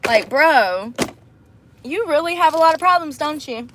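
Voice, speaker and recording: A young woman talking straight to her viewers in a loose, candid vlog, voice sitting a little high. She keeps it animated and breaks into laughter and squeals, and she calls her audience y'all, girl and baby. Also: unhurried, background noise. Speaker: vlogger. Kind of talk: casual chat to camera.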